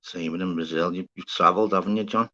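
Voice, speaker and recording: Livestream host, Scouse man, very low pitch, chatty and sweary, dull lo-fi audio. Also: steady tone, quick pace, sharp tone. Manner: chatty, swears casually, calls viewers mate and fella. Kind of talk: casual livestream chat with viewers. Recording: slightly dull lo-fi sound.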